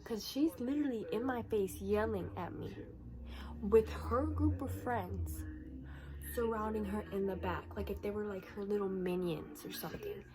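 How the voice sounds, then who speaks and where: A woman's voice: mid-range voice, normal speed, rough recording. A teenage girl retelling a school confrontation as a vlog storytime, acting out the quoted lines. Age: teens. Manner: animated retelling, acts out quoted dialogue. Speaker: vlogger.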